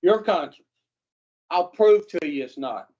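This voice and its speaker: A man, his voice fairly high for a man, speaks to a recovery class at an unhurried pace. He is blunt and profane and keeps firing questions at his listeners. The recording sounds dull and lo-fi. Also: lively intonation. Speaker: addiction recovery counselor. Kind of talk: classroom talk to a recovery group.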